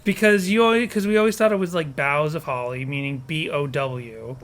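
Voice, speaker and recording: A man co-hosts a laid-back podcast from a porch, his voice sitting a little high. He rambles and jokes, often breaking off and restarting his sentences. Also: fairly even intonation, brisk, a little hiss or hum. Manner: rambling, self-correcting, jokey. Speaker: podcast co-host. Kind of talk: casual podcast chat.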